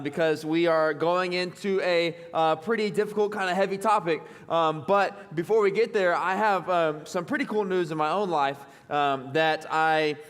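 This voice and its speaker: A man's voice: a little high, fairly bright tone, smooth. A young man with a Texan accent preaching a sermon in a church, chatty and self-deprecating, full of ums and restarts. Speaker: pastor. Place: church hall. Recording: long reverb of a church hall.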